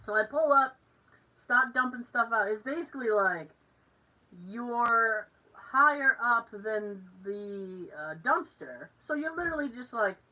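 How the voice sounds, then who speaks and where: A woman's voice: on the high side, animated, a little slow, bright, forceful tone, distant mic, poor audio. A woman from Massachusetts with a Massachusetts accent, co-hosting a podcast and telling a story in casual chat. She acts out the lines of other people in the story. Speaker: podcast co-host.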